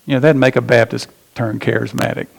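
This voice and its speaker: A man preaching a sermon as pastor, emphatic, slowing down and rising in pitch to stress his points. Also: steady tone, creaky.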